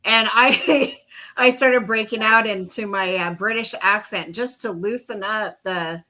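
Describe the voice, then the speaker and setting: A woman's voice: medium pitch, a little slow, bright, forceful tone, poor audio. A woman from North Carolina, co-hosting a podcast, giggly and upbeat as she reads viewer comments. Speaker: podcast co-host. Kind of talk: casual chat.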